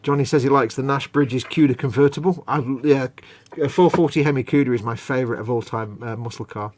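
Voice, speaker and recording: A man's voice: medium pitch, brisk, a little mellow, no room sound. A middle-aged man, hosting a late-night model-building live stream in rambling, self-mocking chat. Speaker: host.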